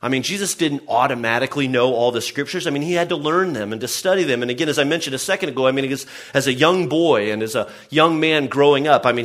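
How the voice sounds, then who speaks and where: A man's voice: medium pitch, a bit bright. A man preaching a sermon to his congregation in an earnest way, often restarting and saying "I mean". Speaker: pastor.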